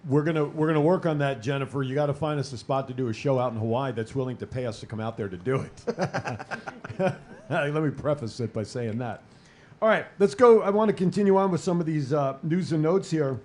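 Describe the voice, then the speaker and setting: A man's voice: a little high, darkish tone, a little hiss or hum. A man hosting a casual talk show, laughing and bantering with his co-hosts and callers. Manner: laughing, easygoing. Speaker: host. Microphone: studio microphone.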